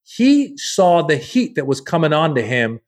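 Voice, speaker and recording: A man's voice: fairly high pitch, a little slow. A man, a comedian guest, telling a long story in a casual podcast chat, acting out the people he quotes in a loose, profane way. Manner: animated, acts out quoted people.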